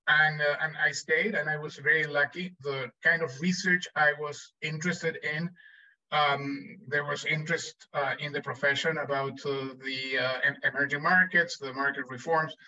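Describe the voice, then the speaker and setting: A man tells long anecdotes in a podcast interview, full of fillers and restarts. His voice is slightly high and very bright. The sound is distant and dull, as if from a remote call. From Chile. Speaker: guest economist.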